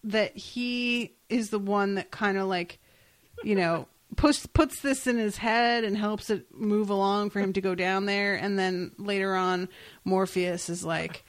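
Woman co-host, casual joking recap, plain mid-pitched voice. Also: steady tone, a little slow. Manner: recaps the plot in a joking way, playing out the characters' lines. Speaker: podcast co-host. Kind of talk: casual chat.

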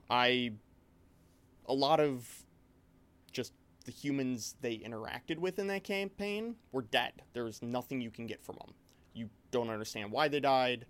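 Rambling man retelling a game session. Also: medium pitch. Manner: rambling, animated storytelling with many restarts. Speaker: game master. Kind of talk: casual chat.

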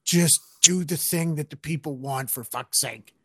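A man's voice: on the high side, measured pace, slightly rough, no echo. Guy venting about wrestling, swears, does goofy impressions, dry sound. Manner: ranting, profane, mocking impressions. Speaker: podcast co-host. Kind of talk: casual wrestling talk.

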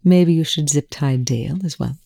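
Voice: mid-range voice, moderate pace, creaky, warm tone, no room sound, natural voice. A reader voicing a sardonic, coolly cutting male scientist in a fan fiction reading, with dry, sarcastic, politely biting delivery.

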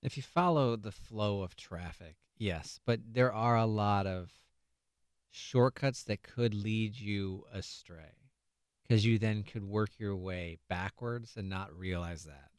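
Man, low voice, skeptical questions, dry studio sound. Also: takes it slowly, smooth, no room sound. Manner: skeptical, asks pointed questions. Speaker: radio show co-host. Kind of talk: casual chat.

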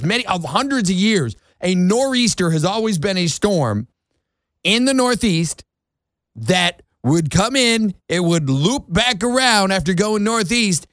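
A fairly high-voiced man from New England, hosting a talk show in an exasperated rant. His pitch swings widely as he mocks and scolds, and the sound is close and dry. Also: fairly bright tone, dry recording. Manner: exasperated ranting, mocking quoted voices. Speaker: radio show host. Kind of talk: opinionated monologue. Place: Florida.

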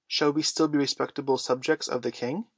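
A man's voice: mid-range voice, steady tone, fairly quick, fairly bright tone, slightly rough, dry recording, studio quality. A man voicing an earnest older boy, diffident but proud. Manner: diffident, then defiant.

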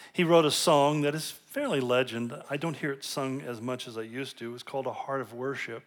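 A man's voice: mid-range voice, a bit bright. A male pastor giving a conversational sermon, telling stories with light humor and often restarting and repeating words as he builds a point.

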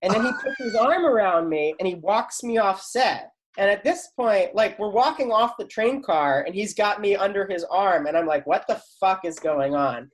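A man's voice: high voice, animated, normal speed, hardly any pauses. A man, an actor and comedy writer, telling a casual anecdote as a talk show guest, full of fillers and loose restarts. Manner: rambling, filler-heavy storytelling, lots of "like".

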